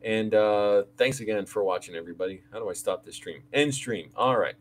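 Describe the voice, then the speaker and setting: Brief: man with a fairly low voice, loose livestream chatter, soft hum behind. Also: a little fast, rough recording. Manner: rambling, with many fillers and restarts. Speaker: channel host. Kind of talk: casual livestream monologue.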